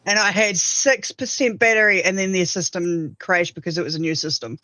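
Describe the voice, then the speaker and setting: High-voiced New man, noisy line. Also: steady tone, fairly quick. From New Zealand. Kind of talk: casual chat.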